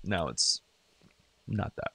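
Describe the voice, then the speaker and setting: A middle-aged man from South Carolina with a light Southern accent, talking as a podcast guest in his home studio, chatty and animated with frequent restarts. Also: slow pace, no echo. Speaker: guest, singer-songwriter and radio DJ. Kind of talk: casual interview chat.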